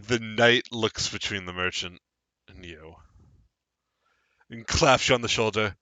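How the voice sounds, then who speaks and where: A man's voice: on the low side, unhurried, sharp tone, dry recording. A man running a tabletop game as game master, narrating and ruling with a playful manner, often laughing.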